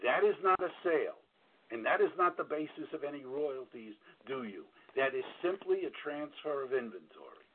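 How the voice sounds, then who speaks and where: A man's voice: on the high side, expressive, moderate pace, slight background noise. A man with a New York accent, a royalty auditor giving frank, blunt advice to a caller on a call-in show, with lots of fillers and restarts. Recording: tinny phone-like radio audio.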